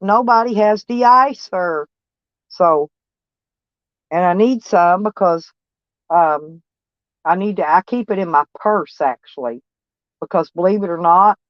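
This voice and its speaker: A woman's voice: fairly low pitch, dry recording. Older woman, van-life vlogger; loose folksy rambling, salty language, dry lo-fi recording. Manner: rambling, folksy storytelling with cussing and laughs. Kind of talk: casual chat. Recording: dull lo-fi sound.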